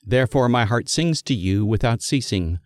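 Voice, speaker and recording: A man giving a scripted liturgical Bible reading in a measured, solemn manner that lifts for quoted speech. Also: medium pitch, animated, dry recording, studio quality. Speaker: scripture reader.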